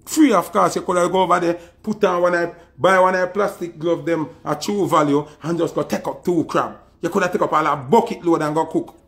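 Brief: higher-pitched gravelly Jamaican man, scornful and taunting, ranting a diss. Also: steady tone, fairly quick, hardly any pauses, fairly bright tone. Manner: scornful, taunting, repeats insults. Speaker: social media personality.

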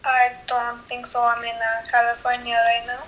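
A woman's voice: a little high, completely flat delivery, moderate pace, fairly bright tone, a little hiss or hum, poor audio. A woman from Germany, chatting in a curious, questioning and amused way. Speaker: video chat stranger. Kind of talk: casual chat.

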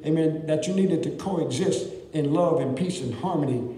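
A man's voice: normal speed, mellow. Male pastor preaching in an echoing church. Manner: preaching with big swings in pitch and volume. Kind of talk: sermon. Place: church sanctuary. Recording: distant echoey church hall.

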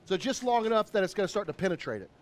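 Male chef, upbeat and chatty, high-pitched, cooking demo host. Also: animated, rapid-fire. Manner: upbeat, chatty, lots of shout-outs.

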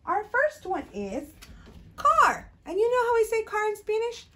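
Children's librarian, woman, high bouncy sing-song delivery, unhurried, alternating English and Spanish for toddlers. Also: wildly swooping pitch, sharp tone. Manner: switches between English and Spanish. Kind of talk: bilingual storytime reading and singing.

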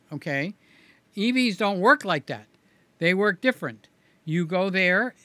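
A man with a bright, forceful, fairly high voice chats loosely through a livestream, reading viewer comments aloud. He rambles and repeats himself, and his words come out a little slurred. The sound is dry and close. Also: no echo. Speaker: livestream host.

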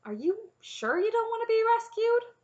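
A woman's voice: very high voice, big pitch swings, moderate pace, darkish tone, highs cut off, voice pushed up. A woman narrator voicing an earnest, naive young male knight who talks hesitantly and is easily let down. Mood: earnest, puzzled. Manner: hesitant, eager, easily crestfallen.

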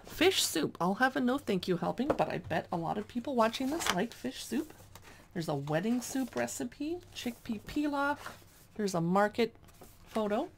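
A chatty woman reviewing a cookbook, reading dish names aloud and adding quick asides. Her pitch moves around a lot, with a gravelly edge to her voice. A faint noise sits behind her. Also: expressive. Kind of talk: casual cookbook flip-through.

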